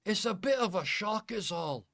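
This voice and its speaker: A man voicing a huge, gruff, red-bearded man with a thick Scottish accent who curses and shouts bluntly. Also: high voice, expressive, moderate pace, voice pushed up, heavily acted. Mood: apologetic. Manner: shouting, cursing, brash.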